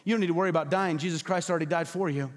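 A man preaching a passionate sermon as pastor, emphatic and repetitive, at times dropping to soft, low tones. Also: very fast, big-room sound. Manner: acts out quoted voices, drops to soft low tones. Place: church hall.

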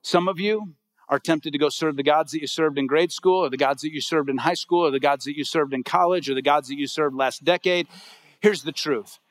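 A middle-aged male pastor preaching a sermon to a congregation, telling a personal story with emphatic swings between soft and raised delivery. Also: fairly high pitch, fairly quick, no room sound.

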